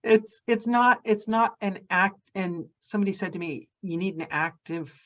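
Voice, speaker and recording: A woman hosting an interview podcast, speaking in a lively, animated way about her own experiences. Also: medium pitch, moderate pace, dull audio. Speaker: podcast host. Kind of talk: casual interview chat.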